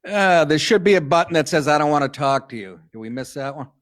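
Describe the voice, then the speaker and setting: A man's voice: fairly high pitch, lively intonation, fast, no room sound, clean studio sound. A middle-aged man hosting a comedy talk show, reading news stories aloud and riffing on them in a crude, sardonic way.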